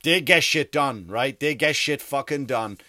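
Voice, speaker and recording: A man's voice: mid-range voice, unhurried, bright, forceful tone, no room sound, clean studio sound. A man doing a rambling, sarcastic comedy rant, full of swearing.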